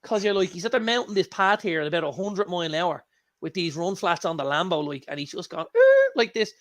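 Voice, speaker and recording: An Irish man co-hosting a casual chat show, telling lively anecdotes and swearing freely. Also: high-pitched, fast talker. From Ireland. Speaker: co-host.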